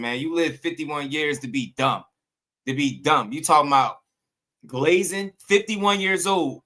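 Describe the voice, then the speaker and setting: A man's voice: a little high, bright, forceful tone. A man hosting a boxing livestream, ranting at a viewer in the chat in a heated, mocking and repetitive way. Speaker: boxing streamer host.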